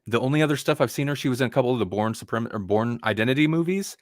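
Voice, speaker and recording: Male podcast co-host, medium pitch, loose rambling film-review chatter, dead dry mic. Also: very fast, no echo. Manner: rambling, restarts often, puts on dull voices to mock actors. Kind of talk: casual film review chat.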